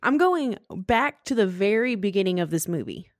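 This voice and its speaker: A woman's voice: medium pitch, big pitch swings, normal speed, dry recording, clean studio sound. A woman co-hosting a casual podcast about a film, talking in a laid-back, wry way. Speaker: podcast co-host. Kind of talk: casual film recap chat.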